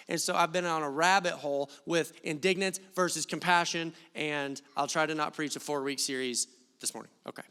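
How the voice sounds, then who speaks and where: A pastor delivers a lively sermon with a fairly high, bright-edged voice. He talks straight to the congregation and drops in jokes between Bible readings. The sound carries a long church-hall reverb. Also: fairly quick. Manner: animated, joking asides to the congregation. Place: church sanctuary.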